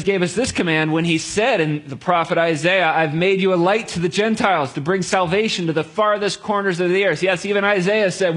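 A man preaching a sermon to a gathered group, in a conversational style with lively storytelling and asides. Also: sits high.

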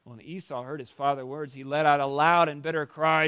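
A man's voice: a little high, fairly even intonation, brisk, hardly any pauses, a bit bright, clear, resonant tone. A man preaching a sermon, retelling scripture in a conversational storytelling way.

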